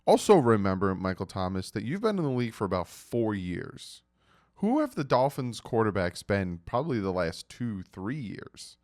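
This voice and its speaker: A man giving casual sports commentary in a vlog, animated and mocking, reading out quotes with emphasis. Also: lowish voice, normal speed. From United States.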